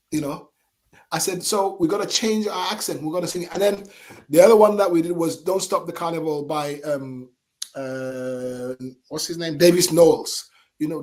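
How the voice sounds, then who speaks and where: A middle-aged man, a singer and entertainer, telling stories as a radio guest in a lively, animated way with chuckles. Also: a little high, normal speed. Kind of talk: casual interview storytelling. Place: radio studio.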